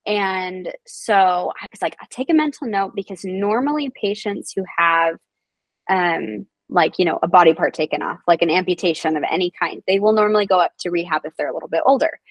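Young woman telling animated stories, dry sound. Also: lowish voice, brisk, no echo, low-quality recording. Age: young adult. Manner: animated, acts out quoted voices. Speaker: nursing assistant guest. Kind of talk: casual storytelling.

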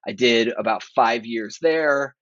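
A man in his forties, a guest on a podcast, talking in a relaxed, rambling way with lots of fillers. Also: medium pitch, slow, no echo. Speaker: guest, marketing executive. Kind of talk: casual podcast interview. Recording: dry, dull lo-fi sound.

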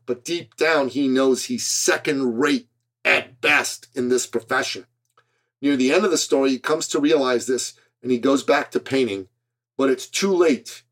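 Male podcast host, mid-range voice, reads a scripted motivational talk with earnest punch. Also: medium pitch. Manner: earnest and emphatic, with a preacher-like build.

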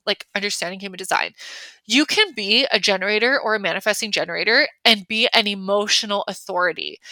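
Bright-voiced chatty young woman. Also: medium pitch, no room sound. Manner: chatty, many fillers, acts out her own reactions. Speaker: podcast host. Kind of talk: casual solo talk.

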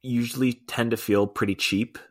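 A young man co-hosting a podcast, chatting in an easygoing way with quick asides. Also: medium pitch, fairly even intonation. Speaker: podcast co-host. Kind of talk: casual chat.

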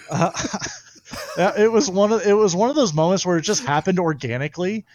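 A young man who pitches professionally tells stories in a casual interview, often laughing through them and restarting his sentences. He speaks at a moderate pace with a darkish tone.

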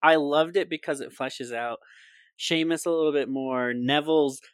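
A man co-hosting a casual podcast chat, eagerly retelling a film scene and slipping into quick voices for the quotes. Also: fairly high pitch, clean tone, dry recording. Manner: animated storyteller, puts on quick voices for quotes. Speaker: podcast co-host.

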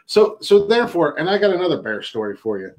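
A man's voice: fairly high pitch, big pitch swings, quick pace, darkish tone. A middle-aged man co-hosting a casual podcast, boastful and profane, joking and laughing often. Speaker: podcast co-host.

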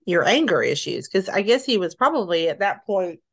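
A middle-aged woman being interviewed, telling her story haltingly, with restarts, soft laughs and sighs. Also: mid-range voice, sing-song. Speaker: interview guest.

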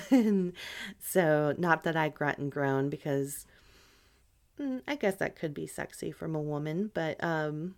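A woman's voice: deep voice, lively intonation, slow. A woman hosting a podcast, chatting in a candid, loose way with plenty of fillers. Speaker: podcast host. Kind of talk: casual chat.

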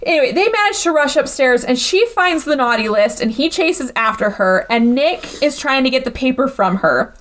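A woman's voice: high voice, normal speed, few pauses. A young woman hosting a casual comedic podcast, recapping a bad movie with sarcasm and plenty of swearing. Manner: animated, sarcastic, swears freely, acts out characters.

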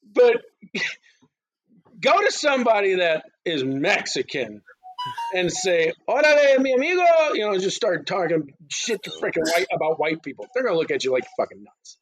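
A man in his forties tells crude, lively anecdotes on a casual podcast. His voice sits a little high for a man. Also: moderate pace, husky, poor audio. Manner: crude, animated anecdote telling. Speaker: podcast co-host. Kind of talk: casual storytelling chat.

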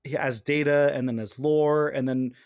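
Animated man, dry close podcast sound. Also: mid-range voice, moderate pace, clean tone, no echo. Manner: animated, acts out quoted lines in character. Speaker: podcast host. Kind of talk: casual podcast discussion.

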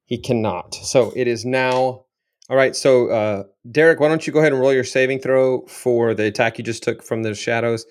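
A man's voice: medium pitch, normal speed. A man running a tabletop game as game master, narrating the action in a loose, descriptive way.

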